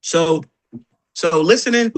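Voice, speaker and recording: A man leading an energetic sales training session, joking and acting out doorstep exchanges. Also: a little high, slow.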